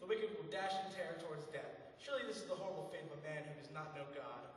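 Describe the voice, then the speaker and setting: Male actor as a stern, moralizing friend; quick delivery, distant with long reverb. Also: on the high side, a little hiss or hum, close to an everyday voice. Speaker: actor in church skit. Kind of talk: amateur stage acting. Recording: echoey hall, far from mic.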